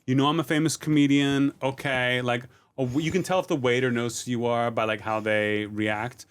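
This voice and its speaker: Relaxed rambling middle-aged man. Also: medium pitch, normal speed, clear, resonant tone. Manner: relaxed, rambling storytelling with many fillers. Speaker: comedian guest. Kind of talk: casual podcast chat.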